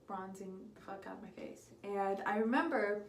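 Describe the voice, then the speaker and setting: A woman's voice: medium pitch, normal speed, vocal fry, roomy sound, slight background noise. A young woman casually telling a story while doing her makeup, candid and giggly, swearing freely. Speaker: beauty vlogger.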